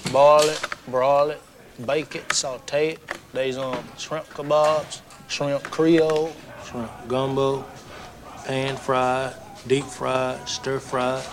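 An actor playing a simple-minded young man who earnestly lists dish after dish in a slow, flat delivery, heard in a film clip. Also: medium pitch, noisy background, lightly acted. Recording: film clip with background ambience.

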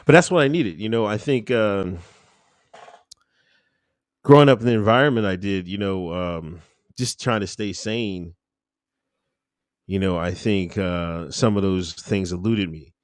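A man's voice: deep voice, measured pace, pauses often, dry recording. A man talking casually as an interview guest, rambling with lots of fillers and easy laughs. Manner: laid-back, rambling, full of fillers and laughs.

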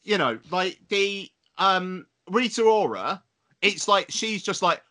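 A man's voice: high voice, animated, takes it slowly, sharp tone. A man co-hosting a podcast, rambling and emphatic in casual banter, swearing freely. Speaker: podcast co-host.

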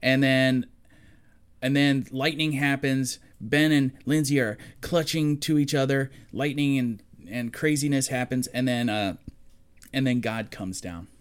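A man's voice: medium pitch, a little slow, clear, resonant tone. A man co-hosting a podcast, casually recapping a film plot and acting out quoted lines. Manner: animated retelling, acts out quoted lines. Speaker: podcast co-host. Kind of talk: casual movie recap chat.

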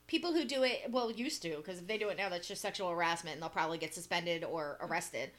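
A woman's voice: fairly low pitch, quick pace, a bit bright. A woman co-hosting a casual podcast chat, reading an article aloud and breaking off with dry asides.

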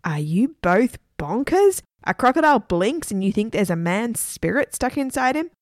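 A woman's voice: fairly high pitch, big pitch swings, normal speed, no room sound, studio quality. A woman voicing a bold sceptical boy. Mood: scoffing. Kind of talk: storybook reading.

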